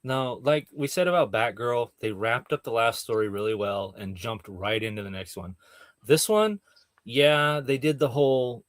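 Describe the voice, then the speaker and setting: A man co-hosting a comics podcast in a laid-back, casual way, laughing often and calling people dude. His voice is mid-pitched, and the room is dry. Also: measured pace, fairly bright tone, no echo. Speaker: podcast co-host. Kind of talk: casual chat.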